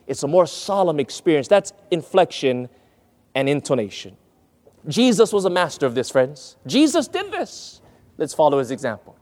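A man preaching a lesson on vocal delivery, emphatic, often asking his listeners questions and calling them friends. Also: on the high side. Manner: emphatic, swings between fast excited and slow soft solemn delivery; asks the audience questions, addresses them as friends. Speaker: preacher teaching on speaking.

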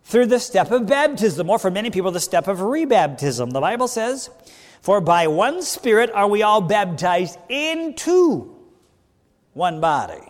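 A male pastor preaching a Bible study sermon, asking the congregation questions and answering them himself, with big swings between loud and soft. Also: sits high, sing-song, measured pace. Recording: long hall reverb.

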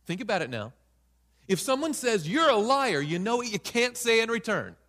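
A man's voice: very high voice, very animated, normal speed, a bit bright. A man preaching a sermon in a dramatic style, questioning his listeners. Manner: dramatic, acts out voices in quotes, asks the audience questions. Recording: reverberant hall.

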